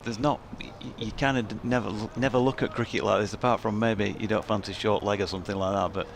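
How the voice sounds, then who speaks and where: Gravelly low-voiced English cricket commentator. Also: male voice, steady tone. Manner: enthusiastic, halting restarts. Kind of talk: ball-by-ball commentary and chat. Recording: outdoor booth with clear background noise.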